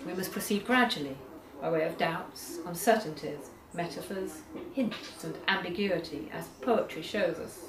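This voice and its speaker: Woman lecturer, measured academic delivery, lowish voice, distant mic in a roomy hall with audience. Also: crowd noise. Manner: measured, reads poems aloud slowly.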